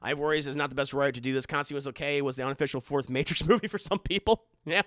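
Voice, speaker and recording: A man's voice: mid-range voice, very fast, fairly bright tone, no room sound, studio quality. A man live-streaming, rambling through casual commentary and reading out his chat, often stumbling and repeating words.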